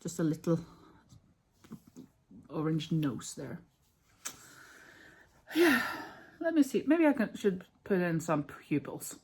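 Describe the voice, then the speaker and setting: A woman's voice: fairly low pitch, sing-song, takes it slowly, pauses often, breathy edge. A woman in her fifties, a Norwegian native speaker, chatting casually in a crafting vlog while she works and corrects herself as she goes. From Norway. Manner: chatty, thinks aloud, self-correcting. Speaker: crochet vlogger.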